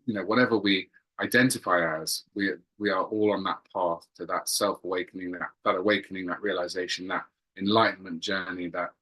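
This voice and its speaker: Low, bright-toned man telling a story. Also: steady tone, a little fast, rough recording. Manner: earnest, searching for words, repeats phrases. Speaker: guest telling a spiritual experience. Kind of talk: earnest personal storytelling.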